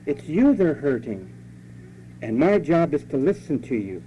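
A pastor delivers a sermon in a scolding, conversational way, slipping into mocking asides. His voice is mellow and mid-pitched. The recording sounds dull and lo-fi, with a faint hum underneath. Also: sing-song, unhurried.

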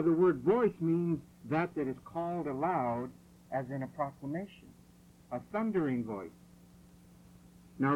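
A man preaching a sermon in a church hall, insistent and forceful, driving points home through repetition. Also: fairly high pitch, narrow, tinny audio, a little hiss or hum. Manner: forceful, insistent, repeats phrases for emphasis.

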